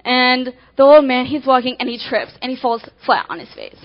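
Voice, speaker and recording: A woman giving a devotional talk, telling acted-out illustrations with animated emphasis that speeds up and slows down. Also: sits high. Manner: animated storytelling, swinging between quick and slow emphasis. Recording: dull lo-fi recording.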